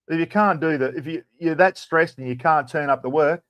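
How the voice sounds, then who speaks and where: A man's voice: fairly high pitch, a little fast, few pauses, a bit bright, no echo. An Australian man hosting a livestream, telling stories in a blunt, casual rant and swearing freely. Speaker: livestream host. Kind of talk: casual ranting chat.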